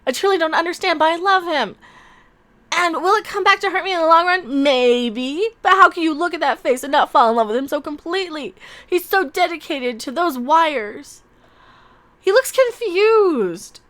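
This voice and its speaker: A woman's voice: very high voice, moderate pace, a bit bright. A woman hosting a live-stream commentary, sarcastic and mocking, laughing often as she reacts to her chat. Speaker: online commentary host.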